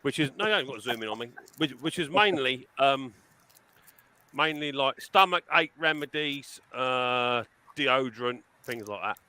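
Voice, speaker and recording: A man's voice: medium pitch, expressive, moderate pace, pushed and bright, dry recording. A man trading cheeky, teasing banter in a casual livestream chat.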